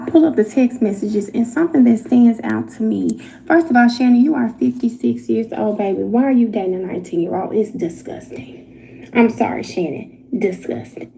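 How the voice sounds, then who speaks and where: Woman commentator, gravelly and dark-toned, blunt and indignant. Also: fairly high pitch, a little fast, few pauses, rough recording. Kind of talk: online commentary video.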